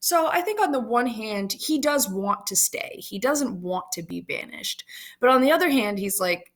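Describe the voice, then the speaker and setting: A woman's voice: on the high side, animated, normal speed, a bit bright. A woman teacher casually explaining a play scene by scene to students.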